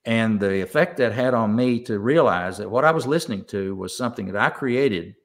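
An older man with an East Tennessee accent, a songwriter guest speaking slowly and reflectively in a casual interview. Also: fairly low pitch, lively intonation. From Southern United States. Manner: slow, reflective storytelling.

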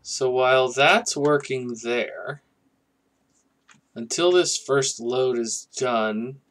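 A man hosting a casual gameplay commentary, musing and thinking aloud in a relaxed way. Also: mid-range voice, extremely slow. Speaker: gaming channel host.

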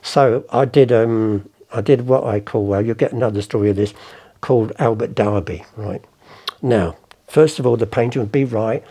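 A man's voice: mid-range voice, moderate pace, mellow, slightly rough. A man, a podcast guest rambling through anecdotes, swearing and acting out the people in them. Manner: rambling, swears, acts out the people in his stories. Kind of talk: casual anecdotal storytelling.

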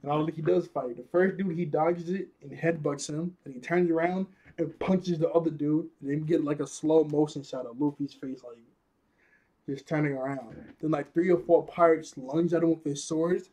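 A man's voice: a little high, steady tone, moderate pace, warm tone. A young man casually recapping an anime episode, rambling, laughing often and restarting his sentences. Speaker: anime reviewer.

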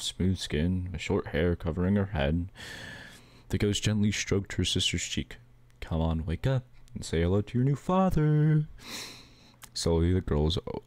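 A man reading a homemade bedtime story aloud, halting and correcting himself often. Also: deep voice, a little mellow, dry recording. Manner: halting reading, frequent restarts and self-corrections. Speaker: amateur storyteller.

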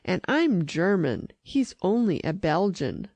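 A conceited, sulky little male dachshund from a storybook, grumbling and puffed up with his own importance, voiced by a woman reading aloud. The voice is slow and gravelly, set in a dry, close sound. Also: fairly low pitch, very animated, a little mellow, no echo, full character voice. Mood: sulky, indignant. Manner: sulky, irritable.

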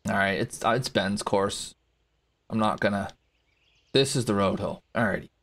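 A man's voice: lowish voice, normal speed, gravelly, fairly bright tone. A man casually commentating his golf video game play, reacting to shots and talking to viewers in chat. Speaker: gaming streamer.

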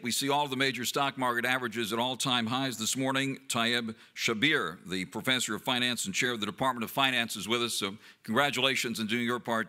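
A man emceeing a university event, his voice very bright and forceful. He announces names and speakers formally at a measured pace, pitched at an ordinary middle level. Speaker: event host.

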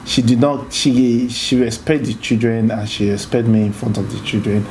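A man with a Nigerian accent talking to viewers on a family vlog, halting and restarting often as his wife cuts in. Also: medium pitch, fairly even intonation, darkish tone, a little hiss or hum. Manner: halting, stammering, keeps restarting. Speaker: vlogger. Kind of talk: casual couple chat on camera.

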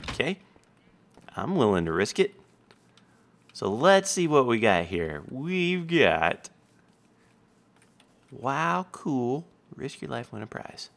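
A man hosting a relaxed gameplay session, talking through every move in a chatty, reactive way. He speaks at an unhurried pace with lively swings in pitch. His voice sits at a middle pitch for a man. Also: a little hiss or hum. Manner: chatty, reacts aloud with laughs and exclamations. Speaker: host, video game player. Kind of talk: casual gameplay commentary.

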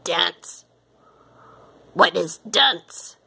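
A woman voicing sad, odd-speaking space aliens who talk slowly in halting, broken phrases. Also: on the low side, animated, vocal fry, bright, forceful tone, husky, exaggerated voice. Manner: slow, halting, broken speech.

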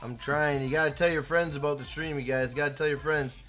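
A man's voice: fairly high pitch, fairly even intonation, quick pace, faint music behind. A young man live-streaming a game, chatting casually and hyping up his chat by name. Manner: hyped, shouts out chat names.

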